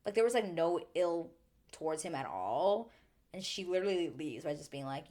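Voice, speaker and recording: A young woman hosting a casual reality TV recap, chatty and animated, full of "like" and quick asides. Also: lowish voice. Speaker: recap show host.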